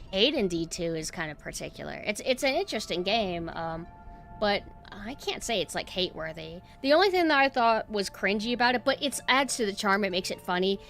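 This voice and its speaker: Gravelly deadpan woman streamer. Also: mid-range voice. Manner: dry, deadpan monotone delivery. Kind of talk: casual chat with viewers.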